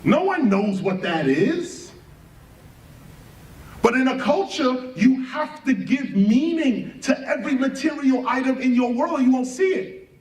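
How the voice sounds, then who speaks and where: Man lecturing, high lively voice, slow deliberate delivery, distant mic, echoey room with faint ambience. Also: a little hiss or hum. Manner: emphatic, rhetorical questions, spells out words letter by letter. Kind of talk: spoken lecture to an audience.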